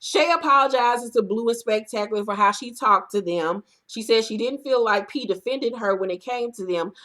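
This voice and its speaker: A woman recapping a reality TV episode in casual, profane commentary, acting out the cast in loud bursts. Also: on the high side, normal speed.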